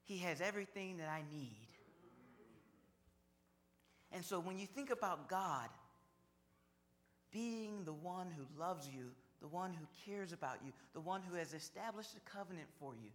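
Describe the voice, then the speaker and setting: A man preaching a sermon, slow and measured, building on repeated phrases. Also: high-pitched, expressive, a bit bright. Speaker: pastor.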